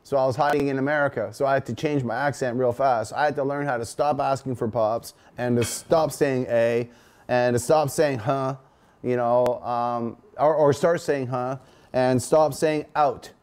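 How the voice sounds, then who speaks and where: A man's voice: medium pitch, fairly even intonation, moderate pace, a little mellow, smooth. A man in his forties with a Canadian accent, hosting a casual, profane, rambling livestream chat. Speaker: host.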